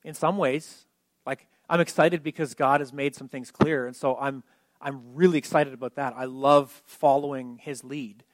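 A man's voice: medium pitch, steady tone, moderate pace, dry recording. A male pastor telling a personal story during a sermon, in an earnest, conversational way with frequent restarts.

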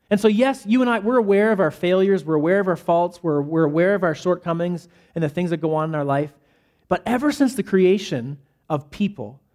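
A man's voice: fairly high pitch, darkish tone. A man preaching a sermon to a church congregation in a casual, conversational way, often asking "right?" and "okay?" as he goes. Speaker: pastor. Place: church hall.

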